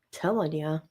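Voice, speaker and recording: A woman's voice: low voice, a little mellow, slightly rough. A woman hosting a livestream in casual chat, talking straight to her viewers and repeating herself as she goes. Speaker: livestream host.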